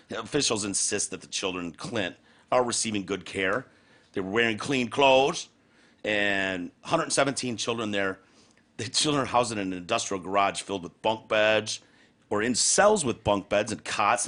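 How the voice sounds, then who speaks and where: A man hosting a podcast, talking in casual, sarcastic, profane, animated chat. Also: fairly low pitch. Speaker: podcast host.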